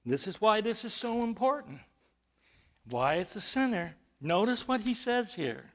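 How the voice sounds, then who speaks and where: A man's voice: high voice, very animated, unhurried, fairly bright tone. A male pastor preaching a sermon, emphatic, with rhetorical questions and rising bursts of volume.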